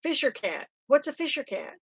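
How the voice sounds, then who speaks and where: A woman's voice: high voice, sing-song, normal speed, dry recording. An older woman, hosting a casual live stream chat, reading out comments and rambling through stories. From Oklahoma. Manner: chatty, rambling, laughs often.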